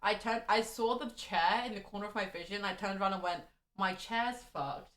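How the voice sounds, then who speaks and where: A woman's voice: mid-range voice, fast talker, fairly bright tone. A woman co-hosting a drinking stream, telling chatty, dramatic stories. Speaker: co-host. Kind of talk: casual chat on a drinking stream. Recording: roomy echo.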